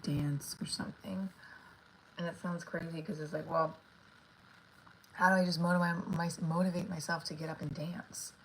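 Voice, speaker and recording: Woman, thirties, rambling livestream chat, low-pitched, slight background hiss. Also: low-quality recording. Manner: rambling, filler-heavy, talks to viewers. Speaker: comedian livestreaming.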